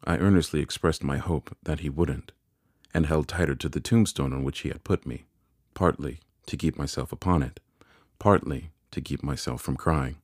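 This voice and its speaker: A man reads a classic novel aloud in an unusually deep, low voice with a measured, deliberate delivery. The recording is dry and close to the mic, with no room sound at all. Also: darkish tone, no room sound. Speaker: audiobook narrator. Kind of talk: scripted narration of a classic novel.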